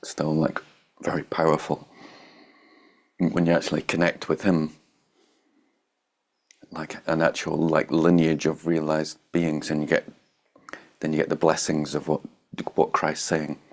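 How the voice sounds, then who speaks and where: Blunt, irreverent deep-voiced male teacher. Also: completely flat delivery, measured pace, pauses often. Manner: blunt and irreverent, swears and laughs. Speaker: meditation teacher. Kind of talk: informal dharma talk, answering a student.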